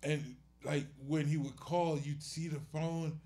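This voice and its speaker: A man's voice: on the high side, little pitch movement, unhurried, dark tone. A man, a music manager and podcast guest, telling blunt stories in casual chat. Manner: blunt, storytelling with laughs.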